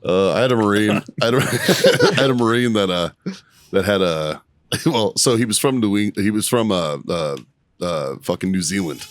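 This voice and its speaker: A man's voice: lowish voice, expressive, moderate pace, dry recording. A young man, a podcast co-host, telling a rambling story in casual chat, swearing and laughing often.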